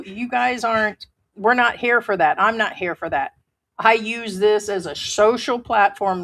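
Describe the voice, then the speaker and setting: A woman hosting a casual live stream from home, talking bluntly and swearing freely as she reads viewer comments. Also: medium pitch.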